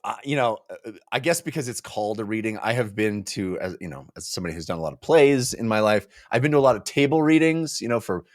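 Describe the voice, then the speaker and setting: Animated man retelling scenes, dry mic. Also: fairly low pitch, fast talker, no room sound. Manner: animated, acts out characters with laughter. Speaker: podcast co-host. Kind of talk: casual book-club chat.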